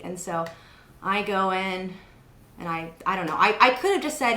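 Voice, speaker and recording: A woman's voice: medium pitch, animated, moderate pace, sharp tone, a little hiss or hum. Chatty young woman in an echoey room. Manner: chatty storytelling with many fillers. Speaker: host. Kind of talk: casual interview chat.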